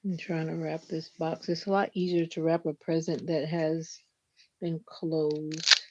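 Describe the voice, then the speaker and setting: In an unhurried, level, low-pitched voice, a woman runs a casual livestream, chatting with viewers and addressing them by name. She sounds a bit stuffy, like a cold is setting in, and the audio is dull and lo-fi with faint noise.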